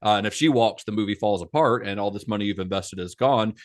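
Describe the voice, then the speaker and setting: A man's voice: lowish voice, fast. Chatty man telling a film history story. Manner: relaxed storytelling with frequent laughs and fillers. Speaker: podcast host. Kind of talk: casual film podcast narration.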